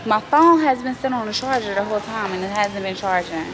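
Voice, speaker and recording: A woman's voice: mid-range voice, fast talker, a crowd in the background. A young woman vlogging casually from her car and then a big store, chatty and profane as she vents. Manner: chatty and profane, venting frustration. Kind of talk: casual vlog chat. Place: car, then a large home decor store. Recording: noisy phone recording with traffic and store sounds.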